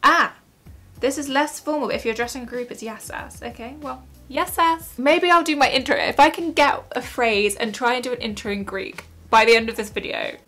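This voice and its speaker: A woman's voice: fairly high pitch, fairly quick, bright, forceful tone, soft background music. A young woman vlogging from home in a chatty, rambling, self-mocking way. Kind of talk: casual vlog chat.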